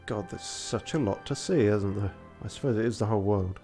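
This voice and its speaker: Over faint background music, a tired streamer mutters his way through casual gameplay commentary in a brisk, mellow voice. He reads game text aloud and swears often, keeping everything low-key.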